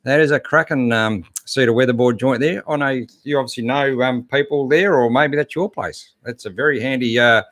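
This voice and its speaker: A man's voice: mid-range voice, moderate pace, few pauses, fairly bright tone, dry recording. Laid-back Australian man, dry sound. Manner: laid-back, chatty, reads out viewers' comments with lots of fillers. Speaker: host. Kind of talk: live-stream chat.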